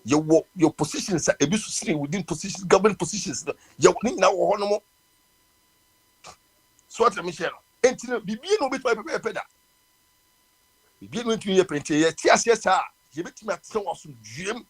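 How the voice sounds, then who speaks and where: A man's voice: sits high, a little fast, slightly rough. A man with a Ghanaian accent hosting a live radio talk show, speaking passionately and mixing in English with many restarts. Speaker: radio host.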